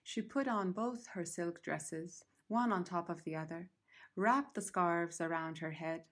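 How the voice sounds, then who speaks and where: A woman telling a folk tale in an unhurried, repetitive way, sometimes calling her listener darling. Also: lowish voice, a bit bright. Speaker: storyteller.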